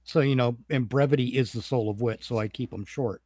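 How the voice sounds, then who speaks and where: A man's voice: mid-range voice, fairly quick, a little mellow, dry recording, clean studio sound. A man casually chatting on a podcast, rambling and laughing at his own jokes. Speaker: podcast host and comedy writer. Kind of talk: casual chat.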